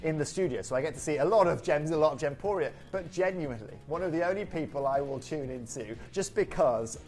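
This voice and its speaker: A woman's voice: deep voice, lively intonation, a little fast, a little mellow, faint music behind. A woman presenting jewellery on a live shopping channel, chatty and persuasive, speaking from a TV studio. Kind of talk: live TV sales pitch.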